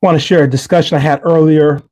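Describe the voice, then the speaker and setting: A man's voice: on the high side, fairly even intonation, fast talker, darkish tone. A middle-aged man hosting a livestream, giving an earnest, emphatic faith-based motivational talk and repeating key phrases. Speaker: livestream host.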